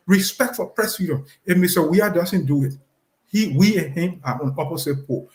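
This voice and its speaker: A man's voice: sits high, darkish tone, reverberant. A middle-aged man from Liberia, a former official giving an impassioned, emphatic closing statement as an interview guest. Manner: emphatic, repetitive, rising in intensity.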